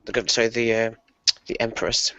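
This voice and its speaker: Dude playing a grim swordsman muttering low, dry muffled game audio. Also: flat delivery, moderate pace, pushed and bright, dry recording. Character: grim determined male swordsman posing as a shrimp farmer.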